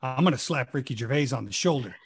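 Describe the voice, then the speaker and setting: A man, a guest on a rewatch podcast, telling lively behind-the-scenes stories and acting out quotes. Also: medium pitch, fast talker, breathy edge. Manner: animated, acts out quotes with swearing. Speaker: podcast guest, actor from the show. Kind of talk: casual storytelling.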